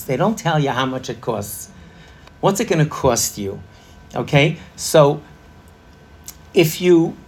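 A man's voice: fairly high pitch, slightly rough. A middle-aged man leading an interactive parenting workshop, chatty and laughing, quizzing a live audience.

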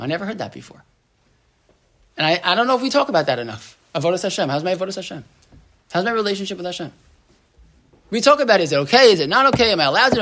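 A male rabbi leads a relaxed Torah class, talking the way people talk in a room. He keeps asking his listeners "right?" and restarts his sentences. He drops Hebrew terms into his English. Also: fairly high pitch. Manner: chatty, asks the room "right?", lots of restarts and "like".

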